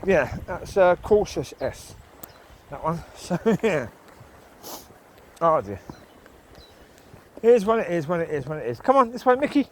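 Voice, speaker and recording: A man's voice: fairly high pitch, sing-song, slow, pauses often, a little hiss or hum, low-quality recording. A man vlogging while he walks his dogs along a rural path, rambling chattily and talking to the dogs. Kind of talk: casual talk while walking outdoors. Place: outdoors by water on a rural path.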